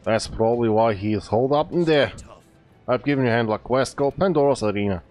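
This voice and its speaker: A man voicing a boisterous male blacksmith from a video game in a put-on fake Scottish accent, loud and bantering. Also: medium pitch, quick pace, soft background music, natural voice. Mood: boastful.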